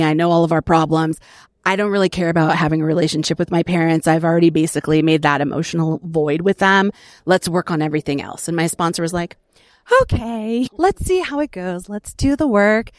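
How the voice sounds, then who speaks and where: A middle-aged woman sharing her recovery story in an earnest, reflective way, with soft laughs between phrases. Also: sits low, no echo, studio quality. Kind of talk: personal testimony.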